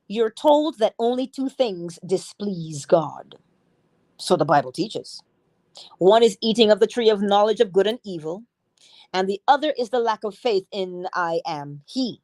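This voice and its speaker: A woman reading a spiritual lecture aloud as a bedtime narration, expressive, with shifting pace and emphasis. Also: mid-range voice, a little slow, no room sound.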